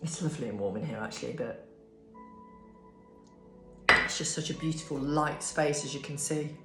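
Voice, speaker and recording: A woman's voice: sits low, normal speed. A drowsy woman giving a casual tarot reading to camera, yawning and swearing freely. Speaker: tarot reader. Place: bright room at home, indoors. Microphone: camera on a desk with ring light. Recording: echoey room with faint music.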